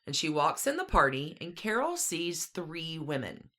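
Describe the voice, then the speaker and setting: Low-voiced woman telling a story. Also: sing-song, measured pace, fairly bright tone. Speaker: podcast co-host. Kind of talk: casual storytelling.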